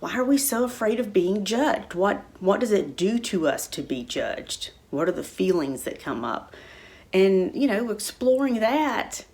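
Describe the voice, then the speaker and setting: A middle-aged woman talking casually and warmly about her own life, rambling with many fillers and restarts. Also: mid-range voice, big pitch swings, measured pace. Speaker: spiritual center speaker. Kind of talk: casual personal talk.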